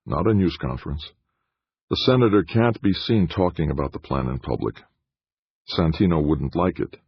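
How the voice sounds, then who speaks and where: A man's voice: rumbling low, animated, moderate pace, husky, dry recording, muffled recording, exaggerated voice. A man voicing an earnest, uneasy male scientist who speaks in a worried way.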